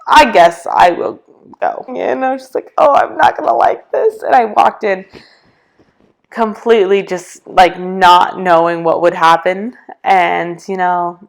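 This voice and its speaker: A woman's voice: fairly low pitch, fairly even intonation, takes it slowly, creaky. A young woman from California telling a personal faith story as a podcast guest, chatty and full of fillers, acting out what she and others said. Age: young adult. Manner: chatty, filler-heavy, acts out quoted dialogue. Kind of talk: casual personal testimony.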